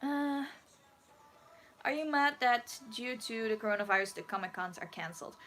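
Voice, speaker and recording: A cosplayer woman chats casually on a livestream, reading comments aloud and answering them. She has a fairly high voice and keeps giggling as she rambles, with a playful, dramatic edge. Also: expressive, normal speed, a bit bright, faint music behind. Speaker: cosplayer streamer.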